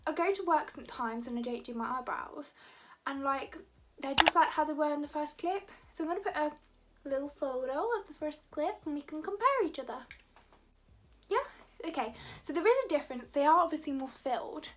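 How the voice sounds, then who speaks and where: Young woman, high voice, rambling chatty vlogger. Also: lively intonation, brisk. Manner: rambling, chatty, many "like" fillers. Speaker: beauty vlogger. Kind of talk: casual chat to camera.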